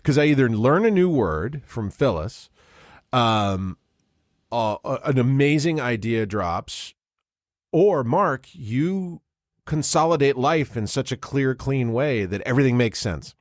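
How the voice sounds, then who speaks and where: A man's voice: mid-range voice, expressive, measured pace, no room sound, clean studio sound. A man co-hosting a podcast in casual chat, jokey and rambling, often laughing. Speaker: podcast co-host.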